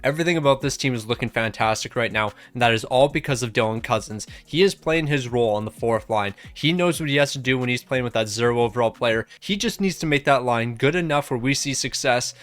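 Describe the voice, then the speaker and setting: A young man giving excited commentary over his own hockey video game season, talking himself through each playoff series. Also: medium pitch, fast talker, few pauses. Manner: hyped, talks himself through the games. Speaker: gaming YouTuber.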